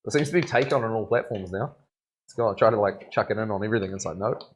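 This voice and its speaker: Chill young guy tattooing on stream, low voice, slangy, laughs a lot. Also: quick pace, slight background noise. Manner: laid-back, laughs often, slangy, thanks viewers. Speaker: tattoo artist streaming live. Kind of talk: casual livestream chat while working.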